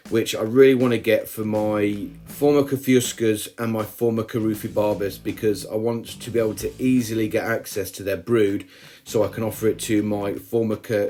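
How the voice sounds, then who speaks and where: A man's voice: on the low side, dark tone. A man narrating a casual hobby vlog, chatty and self-deprecating, wandering off into asides as he talks. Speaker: ant-keeping hobby vlogger.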